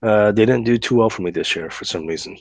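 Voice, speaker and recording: A man hosting a podcast, telling a story in an animated, chatty way and often tagging on "right?" and "man.". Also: fairly low pitch, fast, vocal fry, breathy edge, no echo. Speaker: podcast host.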